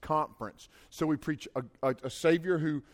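Animated preacher, high voice. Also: male voice, normal speed. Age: middle-aged. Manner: animated, shouting dramatic quotes, conversational asides. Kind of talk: sermon.

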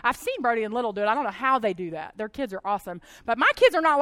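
A woman's voice: high voice, very animated, fast talker, hardly any pauses, sharp tone, slight background noise. A woman, giving a casual, chatty sermon to a group and laughing often.

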